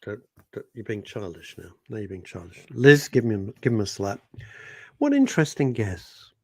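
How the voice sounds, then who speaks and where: A man's voice: lowish voice, big pitch swings, normal speed, husky, no echo. A man co-hosting a radio show, teasing and exclamatory in casual studio chat. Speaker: radio co-host.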